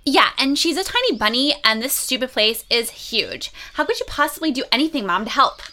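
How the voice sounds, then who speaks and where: امرأة تؤدي دور فتاة مراهقة ساخرة تستخف بأمها في دراما صوتية. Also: female voice, high voice, lively intonation, brisk, sharp tone, slight background noise. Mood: dismissive. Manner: snarky, eye-rolling. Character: sarcastic teenage girl, dismissive of her mother. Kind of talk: audio drama acting.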